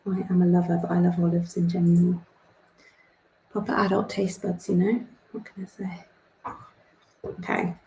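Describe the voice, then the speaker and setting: A woman's voice: on the low side, little pitch movement, normal speed, vocal fry, long pauses, mellow. A young woman hosting an art club, chatting casually while she draws and joking at her own expense. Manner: rambling and self-deprecating, laughs at herself. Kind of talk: chatty drawing tutorial. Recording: echoey room.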